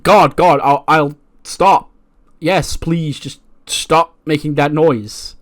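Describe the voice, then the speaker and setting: A man voicing an exasperated veteran male wrestler, pleading loudly. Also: medium pitch, fairly quick, close to an everyday voice.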